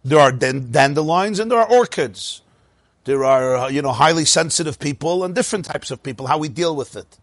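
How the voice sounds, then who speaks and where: A middle-aged man gives a Torah lecture in a slightly high, husky voice, speaking a little fast and in an animated way, tossing out rhetorical questions and circling back over his own words. The recording is dry and close, with little space around it and no echo.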